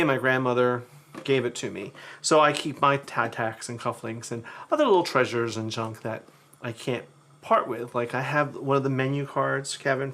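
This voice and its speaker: A man's voice: medium pitch, a bit bright. A man hosting a live cooking demo, talking chattily to his viewers while he cooks. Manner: chatty storyteller who talks to the chat. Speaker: cooking show host.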